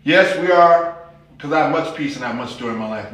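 A man's voice: fairly high pitch, animated, fairly quick, fairly bright tone, very echoey. A man preaching a sermon as pastor, folksy and humorous, with rising exclamations.

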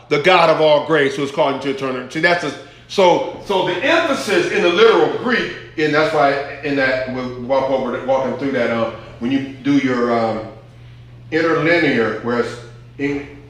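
Man preaching a Bible class in an echoey room. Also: fairly high pitch. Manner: chatty, reads scripture aloud, builds to fervent emphasis. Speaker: pastor teaching a Bible class. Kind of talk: conversational Bible teaching.

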